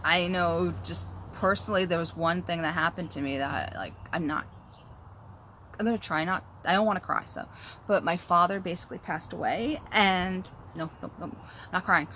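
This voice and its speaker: A woman's voice: lowish voice, moderate pace, a bit bright, slight background noise. A woman in her thirties hosting a knitting podcast, chatting casually and rambling, sitting outdoors at home. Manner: chatty, rambling, self-interrupting. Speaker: knitting podcast host and designer. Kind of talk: casual chat.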